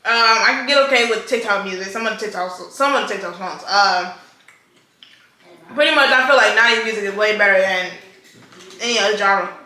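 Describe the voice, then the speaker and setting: Bright-voiced woman hosting a chatty mukbang. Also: medium pitch, a little fast. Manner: relaxed, chatty, with frequent fillers. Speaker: host. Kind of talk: casual mukbang chat. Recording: roomy echo, faint noise.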